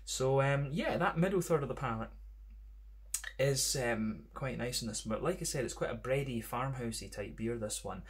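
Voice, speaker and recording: A man's voice: medium pitch, normal speed. A man with a Scottish accent reviewing beer in a casual, rambling monologue, full of "kind of" and "sort of" fillers.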